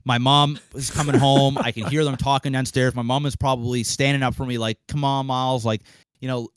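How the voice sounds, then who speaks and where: A young man on a podcast mic, telling a long story in an animated, casual way, swearing freely and acting out the people in it. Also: mid-range voice, fairly quick, clear, resonant tone, no room sound. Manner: animated, acts out quoted voices, swears freely. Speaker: podcast co-host.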